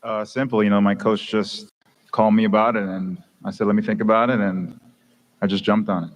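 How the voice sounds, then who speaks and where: Chill fighter guy, lowish voice, short answers, kinda dull sound. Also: fairly even intonation, a little fast. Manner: laid-back, short answers. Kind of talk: press conference answers.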